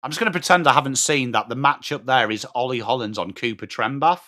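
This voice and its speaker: A fast-talking man of medium pitch, English-accented and from England, reacts live to football as a watchalong streamer. Blunt, excitable and sweary, he says hello to people in his chat by name.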